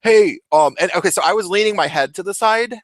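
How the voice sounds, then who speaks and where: A young man telling a story in a casual, animated way, laughing often and swearing. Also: sits high, fast talker, dry recording. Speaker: vlogger.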